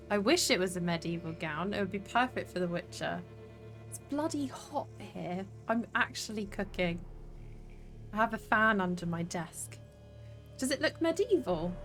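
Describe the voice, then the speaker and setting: A young woman from the south of England with a southern English accent, livestreaming a game and chatting to her viewers. She talks casually, swears freely and laughs often, at a mid-range pitch. Game music plays faintly under her voice. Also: fairly bright tone. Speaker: streamer. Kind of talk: casual gaming livestream chat.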